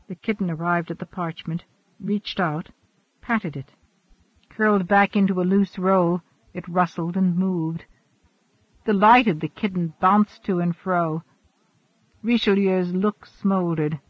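A man reading an audiobook in a steady, even style of scripted narration. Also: high-pitched, slow, no room sound. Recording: dry, dull lo-fi.

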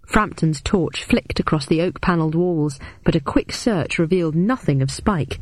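A woman reading a first-person story aloud as an audiobook, with steady, even storytelling. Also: deep voice, moderate pace, hardly any pauses, dry recording. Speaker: audiobook narrator.

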